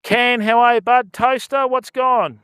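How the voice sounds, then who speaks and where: Older Australian man, high and smooth. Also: fairly even intonation, measured pace, a bit bright, no room sound, clean studio sound. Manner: chatty, greets viewers, fills talk with "mate" and "you know". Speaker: fishing livestreamer. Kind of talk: casual livestream chat. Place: outdoors by a river.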